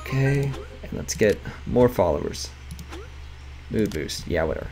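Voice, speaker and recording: A man's voice: lowish voice, sing-song, measured pace, creaky, darkish tone, soft background music. Chatty man streaming a game. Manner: chatty, laughs often, reads game text aloud. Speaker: gaming writer streaming a game. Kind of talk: casual let's-play commentary.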